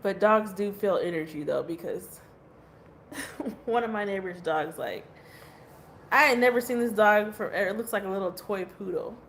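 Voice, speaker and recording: A woman's voice: medium pitch, moderate pace, pauses often, fairly bright tone, slight background noise. A woman giving a casual tarot reading who rambles, swears casually and laughs often. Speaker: tarot reader.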